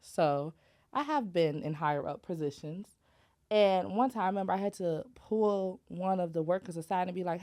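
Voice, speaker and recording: A woman hosting a casual talk show, telling stories in an animated way and laughing easily. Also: mid-range voice, normal speed. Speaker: podcast host. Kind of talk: casual chat.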